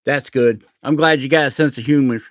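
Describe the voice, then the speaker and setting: A man's voice: medium pitch, fairly quick, no room sound, clean studio sound. A middle-aged man from New Jersey, chatting casually and rambling as he hosts a woodcarving livestream, laughing at himself now and then. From New Jersey, USA. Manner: rambling, self-deprecating, laughs often. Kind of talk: casual chat while carving.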